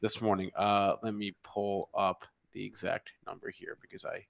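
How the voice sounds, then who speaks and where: A man hosting a live trading talk show, brisk and steering the segments. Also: lowish voice, little pitch movement, creaky, dry recording, muffled recording. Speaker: host.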